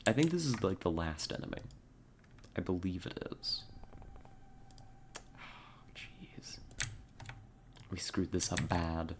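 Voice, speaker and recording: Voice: deep voice, big pitch swings, moderate pace, noisy background. A streamer giving live gameplay commentary, wry and self-mocking, muttering orders to their soldiers. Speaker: game streamer.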